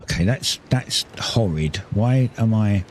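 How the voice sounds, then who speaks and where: A low-voiced man chats his way through a building game, explaining each step as he goes and often stopping to correct himself. His talk is loose and unscripted, with a faint hiss of background noise under the voice. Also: expressive, measured pace. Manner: rambling, self-correcting, explains building steps. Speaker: gaming streamer. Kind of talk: casual gameplay commentary.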